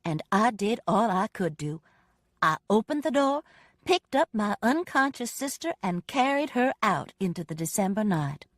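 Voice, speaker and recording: A woman narrating a first-person audiobook with expressive, dramatic storytelling. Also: medium pitch, normal speed, no room sound, clean studio sound.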